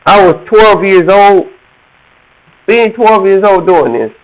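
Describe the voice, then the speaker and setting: A man's voice: high voice, takes it slowly, rough recording. A man, casually telling a story and acting out other people's voices. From Georgia, USA. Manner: animated, laughs often, acts out quoted voices.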